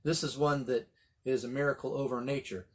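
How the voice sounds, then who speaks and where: A middle-aged man leading a Bible study, telling the story with animated voices for the quoted lines. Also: mid-range voice, brisk. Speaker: pastor.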